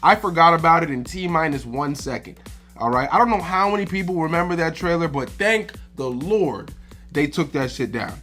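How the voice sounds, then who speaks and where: A man's voice: on the high side, lively intonation, moderate pace, bright, forceful tone, soft background music. A man hosting his own movie reaction channel, ranting emphatically and with profanity, asking "all right?" again and again. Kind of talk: ranting casual commentary.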